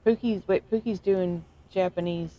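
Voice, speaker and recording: A woman's voice: fairly low pitch, fairly even intonation, normal speed, dark tone, no echo. A woman co-hosting a casual livestream chat, giggling often as she reads out viewer comments. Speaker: livestream co-host reading chat.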